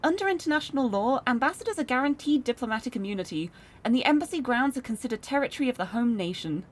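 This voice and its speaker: A young woman streamer reading a visual novel aloud, with animated, self-deprecating asides, over game music. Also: a little high, fast. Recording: game music playing behind.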